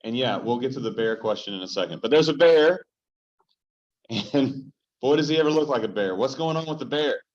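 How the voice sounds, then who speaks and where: Joking pastor teaching a Bible study. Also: male voice, medium pitch, fairly quick. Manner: joking, animated storyteller who addresses the group directly. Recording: dull, lo-fi sound.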